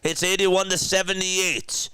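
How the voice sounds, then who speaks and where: A man with a South Jersey accent calling a basketball game as a casual live-stream play-by-play commentator, chatty and quick to correct himself. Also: sits high, flat delivery, pushed and bright, smooth, no echo, clean studio sound. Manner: chatty, laughs easily, corrects himself mid-call.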